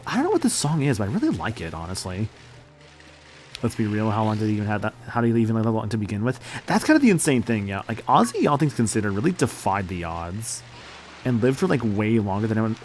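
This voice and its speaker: A man in his late twenties streaming a game and chatting casually, rambling and laid-back, swearing a lot. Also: lowish voice. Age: late 20s.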